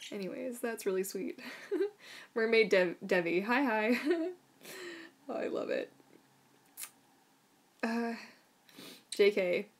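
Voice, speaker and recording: A woman's voice: on the high side, expressive, takes it slowly, pauses often. A woman hosting a casual live Q&A stream as a mermaid tail maker, chatty and bubbly, with lots of fillers and frequent laughter.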